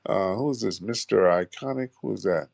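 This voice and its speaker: Male call-in host, blunt and slangy, a little low-voiced, dry close sound. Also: normal speed, gravelly, a little mellow, no room sound. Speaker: host of a call-in audio show. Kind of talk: live call-in talk.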